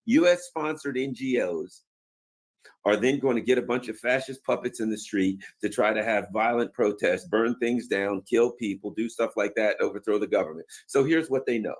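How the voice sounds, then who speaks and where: Sarcastic man ranting in a low voice. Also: normal speed. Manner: sarcastic, acts out mocking voices; colloquial, many fillers and asides. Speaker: commentator. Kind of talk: political commentary rant.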